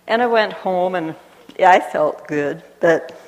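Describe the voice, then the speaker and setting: A woman telling a personal story aloud, animated and acting out the voices of people she quotes. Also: lowish voice, unhurried. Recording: long hall reverb.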